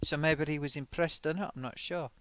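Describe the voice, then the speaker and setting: A man's voice: a little high, fairly even intonation, fairly quick, fairly bright tone, clear, resonant tone, dry recording, natural voice. A man voicing a cheeky male sock puppet host, reading viewer comments in a chatty way full of oofs and sighs. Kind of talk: live-stream chat.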